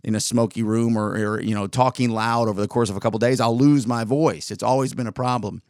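A man hosting a solo podcast, talking in a rambling, candid way with frequent restarts, his voice slightly worn from weeks of yelling. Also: mid-range voice, steady tone, a little fast, no echo, studio quality. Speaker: podcast host. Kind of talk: solo casual podcast monologue.

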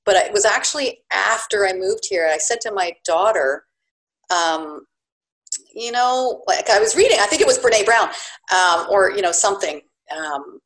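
Guest: woman, 50s, chatty and animated, lots of "like" and "you know". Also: mid-range voice, normal speed. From Canada. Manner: chatty, animated, many fillers. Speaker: guest, bed and breakfast owner. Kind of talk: podcast interview.

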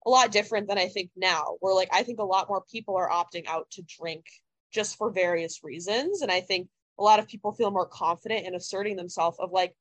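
A young woman in her twenties chats casually as a podcast co-host. She fills her sentences with "like" and drops the odd swear word. Her voice sits at a mid pitch and sounds close and dry. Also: fairly quick, no room sound. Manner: chatty, heavy use of "like", casual swearing. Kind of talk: casual chat.

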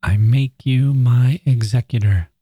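A man voicing a frail, proud dying woman writer who speaks in a soft, earnest whisper, recorded dry and close. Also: medium pitch, unhurried, slightly rough, dry recording.

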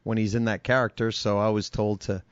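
A man's voice: on the low side, little pitch movement, fairly quick, smooth, dry recording, muffled recording. New York man in casual podcast chat. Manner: reads promo copy aloud, then chats animatedly about accents. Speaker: podcast co-host.

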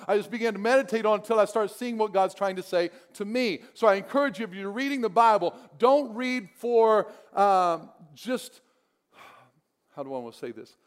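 A man with a notably high voice preaching to his congregation. He drops into hushed prayer, then drives points home by repeating phrases with rising force. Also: normal speed, clean tone. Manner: lively preaching, swings between soft prayer and emphatic repetition. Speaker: pastor. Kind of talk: sermon.

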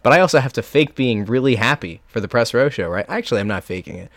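A man's voice: mid-range voice, expressive, a bit bright, no echo, studio quality. A man, co-hosting a sports podcast, chatting casually with frequent restarts. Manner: stammering restarts, quick and chatty. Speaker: podcast co-host, sports media. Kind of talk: casual chat.

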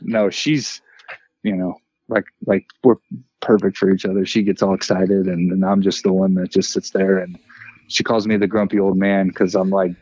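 Low, even-keeled man telling stories. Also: moderate pace, breathy edge, no room sound, muffled recording. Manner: even-keeled, relaxed storytelling with many fillers. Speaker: podcast guest, former player and coach. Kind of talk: casual podcast chat.

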